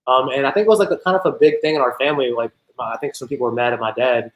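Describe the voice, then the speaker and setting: A man from the American South, a business founder being interviewed, telling stories in a relaxed, rambling way. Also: mid-range voice, rapid-fire, reverberant, muffled recording, slight background noise. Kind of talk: casual interview conversation.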